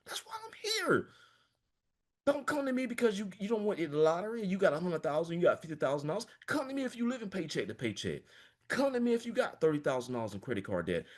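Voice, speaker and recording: A man's voice: high-pitched, big pitch swings, fast. A man, a financial coach giving a passionate, emphatic motivational talk over a video call, peppered with "man". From small-town Florida, US.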